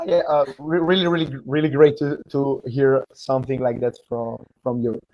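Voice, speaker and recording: An Italian man hosting a casual interview over a video call, speaking English with an Italian accent and often pausing to search for words. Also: mid-range voice, flat delivery, highs cut off. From Italy. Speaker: host.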